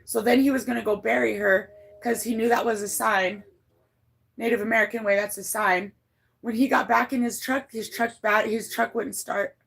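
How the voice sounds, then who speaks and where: A woman with a gravelly edge and a fairly high voice, talking to her stream chat. She rambles, restarts often and swears bluntly. Her voice climbs high when she gets emotional. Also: steady tone, normal speed, fairly bright tone. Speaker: livestreamer reading her chat. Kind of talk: casual livestream storytelling.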